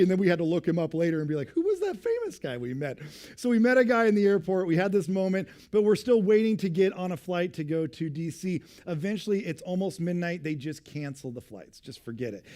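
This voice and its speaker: A man in his twenties, a pastor, telling a personal story in a sermon and acting out the voices of the people in it. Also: high voice. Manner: animated storyteller, acting out voices, drops to a hushed tone for suspense.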